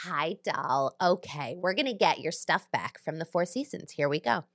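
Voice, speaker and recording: A woman's voice: low voice, expressive, normal speed, fairly bright tone, dry recording, clean studio sound. A woman playing a gushing celebrity momager mother on a prank call, breezy and calling everyone doll. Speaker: podcast host.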